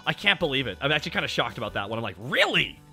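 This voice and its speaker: A man hosting a casual stream chat, talking excitably and swearing freely. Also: mid-range voice, very fast, faint music behind. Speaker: streamer host.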